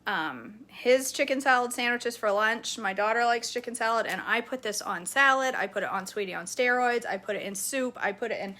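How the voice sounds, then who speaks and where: Chatty bright-voiced woman, laughing easily. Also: on the high side, brisk, few pauses. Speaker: vlogger showing grocery haul. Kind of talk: casual chat.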